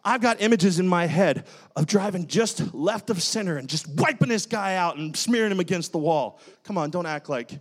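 A male pastor preaching and telling a story in an animated, dramatic way. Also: sits high, normal speed. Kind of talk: sermon with personal storytelling.

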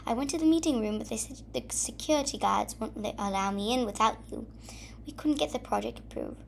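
A woman's voice: a little high, a little fast, vocal fry, slight background noise. A woman voicing a flustered female coworker in a read-aloud story, apologizing breathlessly. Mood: apologetic.

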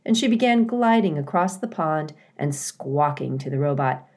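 A woman teacher reading a children's storybook aloud, expressive and animated. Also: low voice, measured pace.

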